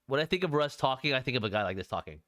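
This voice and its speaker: A man's voice: mid-range voice, lively intonation, rapid-fire, fairly bright tone. A man co-hosting a casual livestream show, rambling, often talking to chat and laughing. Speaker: podcast co-host.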